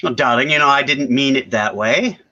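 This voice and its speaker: A man giving a staged play reading as the affectionate companion of an aging actress, gently teasing and correcting her. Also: medium pitch, brisk, dull audio, close to an everyday voice.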